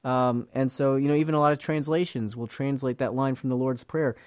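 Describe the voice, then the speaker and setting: A man's voice: mid-range voice, steady tone, brisk, darkish tone, clear, resonant tone, no echo, studio quality. A man giving a conversational Bible teaching in an earnest voice, often repeating words as he talks. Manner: earnest, repeats words, acts out quoted speakers.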